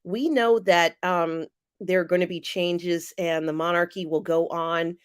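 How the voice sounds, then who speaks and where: A woman hosting a live stream, reading viewer comments aloud and answering them in a chatty way with many pauses and fillers. She sounds teary and emotional. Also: fairly low pitch, fairly even intonation, smooth, no room sound, clean studio sound. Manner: warm, chatty, often pausing with fillers. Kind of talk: casual live-chat commentary.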